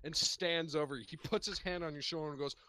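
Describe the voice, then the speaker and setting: A man's voice: a little high, fast talker, sharp tone. A man running a tabletop game as game master, narrating loosely with fillers and laughs.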